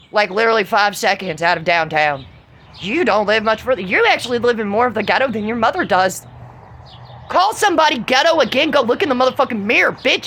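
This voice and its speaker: A middle-aged woman vlogger with a Southern US accent vents in a profane, confrontational monologue that rises to shouts. Her voice is fairly high, and the recording has a little hiss or hum.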